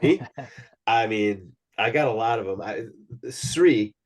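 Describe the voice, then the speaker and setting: A man's voice: fairly low pitch, expressive, slow. A man hosting a casual soccer podcast, laughing often and passing the turn to his co-hosts. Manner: laughs often, hands off turns. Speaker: podcast host. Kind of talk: casual chat.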